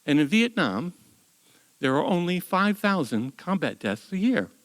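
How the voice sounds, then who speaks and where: Stern blunt army colonel lecturing curtly, an older man doing the voice on stage, fairly loud. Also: high voice, big pitch swings, measured pace, voice pushed up, rough recording.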